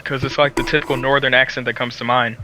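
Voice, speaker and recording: A man's voice: mid-range voice, level tone, quick pace, bright, forceful tone, slight background noise. A man guesting on a gaming podcast, chatting casually with easygoing asides.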